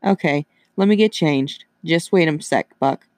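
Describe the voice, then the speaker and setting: A man's voice: on the high side, unhurried, darkish tone, dry recording, clean studio sound, lightly acted. A man reading as a kind young woman vet. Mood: reassuring.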